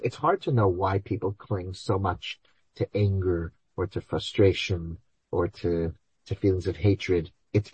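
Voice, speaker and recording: Husky animated man answering questions. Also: lowish voice, no room sound, lo-fi sound. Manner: animated, acts out imagined voices, mixes in Hebrew and Yiddish terms. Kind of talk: Q&A talk on Torah ethics.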